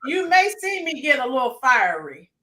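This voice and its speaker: A woman's voice: sits high, big pitch swings, normal speed, sharp tone, reverberant. A woman hosting a casual political livestream, getting fired up and talking to her chat by name. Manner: fired-up, talks back to live chat by name. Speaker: livestream host.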